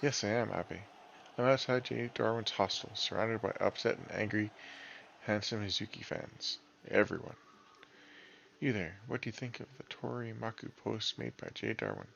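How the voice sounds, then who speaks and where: A man's voice: lowish voice, lively intonation, moderate pace, vocal fry, a bit bright, muffled recording, slight background noise, exaggerated voice. A man voicing a showy, upbeat male on-the-scene reporter. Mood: breezy. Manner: breezy, showy.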